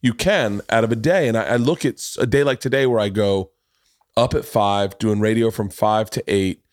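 A man's voice: lowish voice, normal speed, no room sound, clean studio sound. A man hosting a podcast in casual chat, telling self-deprecating stories with frequent restarts and swearing. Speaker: podcast host.

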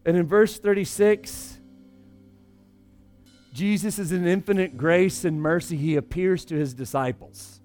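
High-voiced pastor preaching with swings. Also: male voice, measured pace, faint music behind. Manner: conversational, swings between loud emphasis and hushed asides. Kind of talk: sermon.

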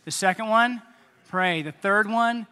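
A man preaching a sermon as pastor, animated, acting out voices and making sound effects. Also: high voice, a little slow, clean tone. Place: church hall. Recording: hall reverb.

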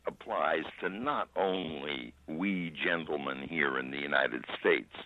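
An older man with a very deep voice speaks slowly, making dry remarks. He sounds thin and tinny, as if over a phone line, with a dry close sound. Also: dry recording. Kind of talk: casual chat.

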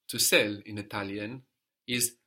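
A man's voice: on the low side, steady tone, unhurried, bright, forceful tone. A man teaching a language lesson, patiently prompting a student and explaining grammar step by step.

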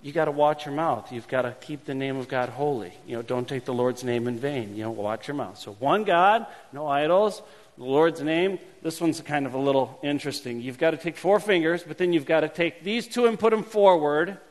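A man, a pastor, teaching a congregation a playful hand-gesture game in his sermon, shifting between lively calls and quiet asides. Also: on the high side, moderate pace. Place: church sanctuary. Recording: long hall reverb.

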